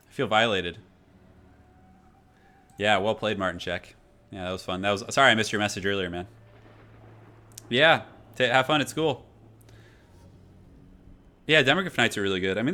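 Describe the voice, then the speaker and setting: A young man with a fairly low voice chats casually on a live gaming stream, reading viewer messages aloud at his desk microphone. His manner is relaxed and rambling.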